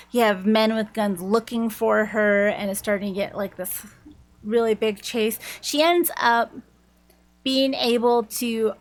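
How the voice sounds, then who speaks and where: A woman reviewing a book, retelling its plot in a chatty, casual way with many filler "likes". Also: a little high.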